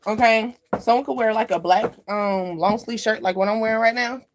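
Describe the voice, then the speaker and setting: A woman's voice: a little high, normal speed, noisy background. Chatty woman doing a tarot reading. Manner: chatty and loose, with repeated asides to the viewer; drifts off topic and laughs at herself. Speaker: tarot card reader. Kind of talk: casual spiritual reading to camera.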